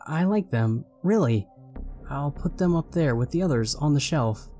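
A man's voice: on the high side, animated, moderate pace, mellow, faint music behind, voice pushed up, natural voice. A man voicing a young wife who hides her disappointment, speaking hesitantly and awkwardly reassuring.

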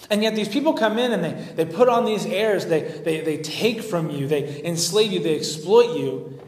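A man preaching a sermon to his congregation, his voice sitting a little high for a man. He talks in a loose, conversational way, stumbling over and repeating words. The sound rings through an echoey church hall with a long tail of reverb. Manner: paraphrases scripture in a mocking, sarcastic voice; repeats words and restarts often. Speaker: pastor. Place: church sanctuary.

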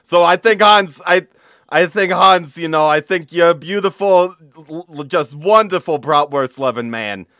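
A man's voice: fairly high pitch, unhurried, a bit bright, clean tone, dry recording, clean studio sound. A man from New Jersey hosting a comedy podcast, rambling laid-back through improvised bits with lots of fillers.

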